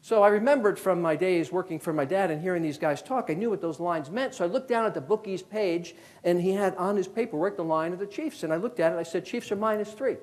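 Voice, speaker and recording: High-voiced man telling a lively story. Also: quick pace, hardly any pauses. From Connecticut, USA. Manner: lively anecdotal storyteller who acts out callers. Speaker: speaker, former FBI agent. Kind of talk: storytelling keynote talk.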